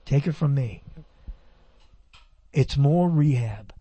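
A man's voice: medium pitch, animated, slow pace, mellow, breathy edge, dry recording, dull audio. A man hosting a radio talk show, chatting and reading items aloud in a rambling way, correcting himself as he goes. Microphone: handheld microphone.

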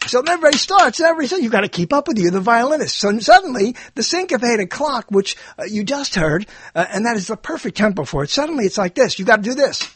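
A man giving a rambling spoken monologue, animated and digressive, often correcting himself mid-sentence. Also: very high-pitched, quick pace, few pauses, breathy edge. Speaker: monologue speaker.

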